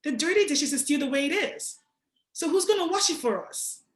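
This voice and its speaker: A young woman from Nigeria delivers a lively, casual motivational talk, speaking straight to her audience with slang and asides. Her voice sits fairly high, and the sound carries a noticeable echo from the room. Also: brisk. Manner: casual, animated, slangy, direct address to audience. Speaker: guest speaker.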